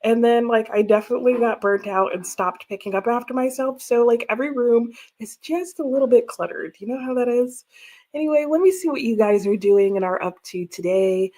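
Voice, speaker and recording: Woman, livestream host, high-ish voice, chatty and quick to laugh. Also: darkish tone. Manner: chatty, laughs often, reads out viewer comments. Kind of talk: casual livestream chat. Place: home room with bookshelves.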